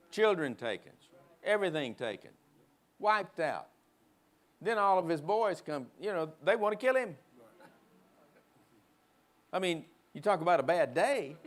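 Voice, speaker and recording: A man preaching a sermon in a church, emphatic, leading the congregation in call-and-response and prodding them with quick asides. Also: on the high side, very animated, a bit bright. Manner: emphatic, prods the crowd with "huh?". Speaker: guest preacher. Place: church sanctuary.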